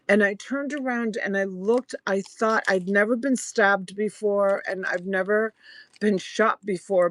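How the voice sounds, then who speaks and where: Chatty middle-aged woman telling a story. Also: dry recording. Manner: chatty storyteller, voice rising high when quoting. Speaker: live-stream jewelry seller. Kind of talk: casual live-selling chat.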